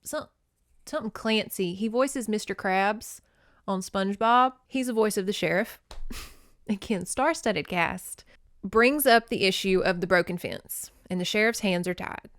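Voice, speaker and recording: Chatty woman recapping a movie, smooth voice. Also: mid-range voice, a little slow, fairly bright tone, no echo, clean studio sound. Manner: chatty, swears, laughs and tears up. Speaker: podcast host.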